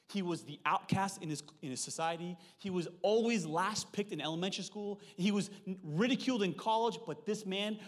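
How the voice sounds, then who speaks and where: A high-pitched man preaches with big, swinging intonation. He keeps it playful and animated, slipping into voices as he retells film moments for the congregation. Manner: animated, joking, acts out movie lines. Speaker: pastor. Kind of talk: sermon with movie references.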